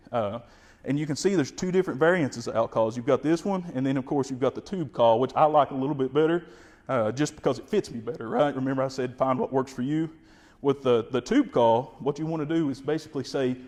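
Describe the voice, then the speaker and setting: A man with a Kentucky accent, explaining turkey calling in a folksy, energetic way and imitating the birds. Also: medium pitch, in a large hall. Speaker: wildlife information specialist. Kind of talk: instructional explanation.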